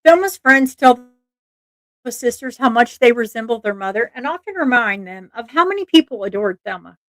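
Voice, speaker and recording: A slightly high-voiced woman hosting a true crime livestream, talking in a loose, earnest way. She restarts her sentences often and breaks off to speak to her chat. The sound is dry and close, with little room. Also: lively intonation, moderate pace, a bit bright, no room sound. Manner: chatty, earnest, asides to chat, frequent restarts. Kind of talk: casual live-stream narration.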